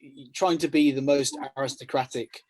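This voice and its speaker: A man, a podcast guest, telling jokes in an animated way. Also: medium pitch, a little fast, no echo. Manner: animated storytelling with playful bursts. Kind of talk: casual comedy chat.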